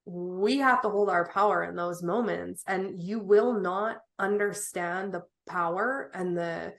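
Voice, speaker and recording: A woman's voice: fairly low pitch, a little slow, creaky, fairly bright tone. A woman speaking as a podcast guest in casual interview talk, emphatic and motivational, dropping the odd swear word. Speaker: guest, event organizer.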